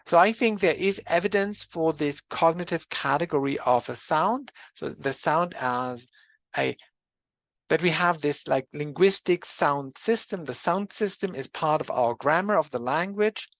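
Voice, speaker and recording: Lecturer, mid pitch, methodical and explanatory, dull lo-fi recording. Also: a bit bright, dry recording. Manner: measured, explanatory, walks through examples step by step. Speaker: university lecturer. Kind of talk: academic lecture.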